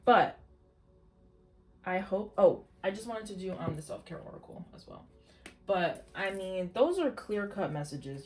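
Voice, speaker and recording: A woman reading tarot cards for her viewers in a casual, excitable way, swearing freely and often breaking into exclamations as she gives them a pep talk. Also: lowish voice, slight background noise. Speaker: tarot reader.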